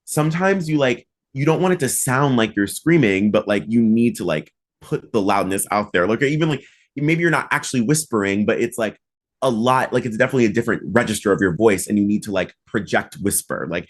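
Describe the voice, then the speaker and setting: A man hosting a podcast in casual conversation, his voice sitting a little low. He talks in a loose, chatty way, filling his sentences with "like" and punching key words with animated emphasis. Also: brisk. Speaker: podcast host and mock trial coach.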